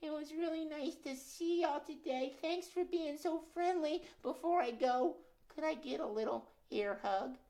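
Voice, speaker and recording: A man voicing a shy, nervous, sweet young male muskrat puppet who talks slowly and hesitantly. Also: very high-pitched, voice pushed up. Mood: grateful. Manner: slow, hesitant, soft-spoken.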